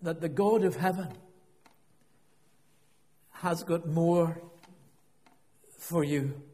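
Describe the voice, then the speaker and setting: A man's voice: fairly high pitch, extremely slow, warm tone, long reverb tail. A middle-aged man preaching a sermon, telling a personal story in a reflective way and often repeating and restarting his words.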